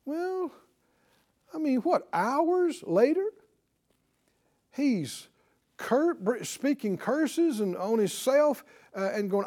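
A man preaching a sermon with passion, swinging from loud exclamations to hushed prayer and leading the listeners in a spoken prayer. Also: very high voice, big pitch swings, slow. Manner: leads congregation in spoken prayer.

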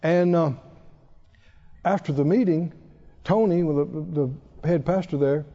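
A man's voice: a little high, takes it slowly, mellow, highs cut off. A male pastor preaching a sermon with emphatic delivery, his voice surging on key phrases.

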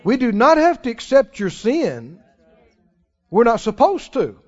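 A man preaching a sermon to a congregation, animated and throwing questions back at the listeners. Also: very high voice, a little slow. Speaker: pastor. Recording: dull lo-fi sound with long hall reverb.

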